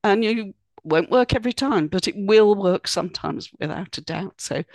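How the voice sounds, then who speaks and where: A woman's voice: mid-range voice, normal speed, darkish tone, no echo. Chatty woman, dry close sound. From United Kingdom. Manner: explanatory, chatty, with frequent "um" and "you know". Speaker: guest expert. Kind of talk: podcast interview advice.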